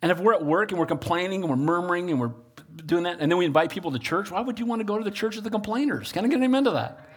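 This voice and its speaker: A man preaching a sermon as pastor, animated and calling on the congregation for amens. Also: high-pitched, racing, slightly rough.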